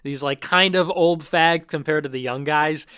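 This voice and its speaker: A man's voice: on the high side, normal speed, bright, forceful tone, clear, resonant tone, dry recording, clean studio sound. A man co-hosting a podcast, talking in a rambling, scornful, profane way. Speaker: podcast co-host. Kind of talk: casual political podcast chat.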